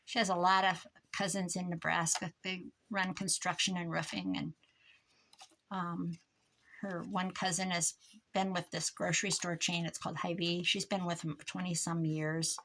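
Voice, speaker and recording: A woman's voice: fairly low pitch, little pitch movement, normal speed, fairly bright tone, a little hiss or hum. An older woman from Iowa telling a rambling story in a casual chat while she crafts at her desk, laughing often. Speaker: crafter vlogger.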